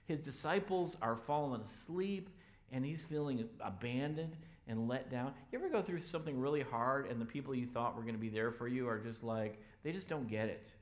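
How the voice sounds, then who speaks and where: A man preaching a sermon as pastor in a church, loud and energetic. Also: mid-range voice, fairly quick.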